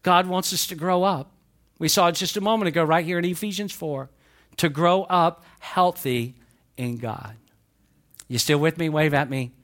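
A man with a Southern American accent, preaching a sermon as pastor, swinging between raised exhortation and quieter asides. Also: on the high side, normal speed. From Southern United States. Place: church sanctuary.

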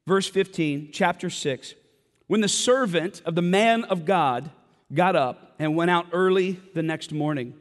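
A man preaching a sermon as a pastor, retelling a story with dramatic quoted voices. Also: high voice. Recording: long hall reverb.

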